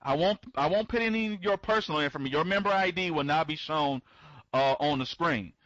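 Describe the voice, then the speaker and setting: Rambling higher-voiced man hosting a webinar. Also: a little fast, fairly bright tone, dry recording, dull audio. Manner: repetitive and rambling, greets attendees by name; restarts and stammers often. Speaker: host of an online members' conference. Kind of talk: live webinar talk.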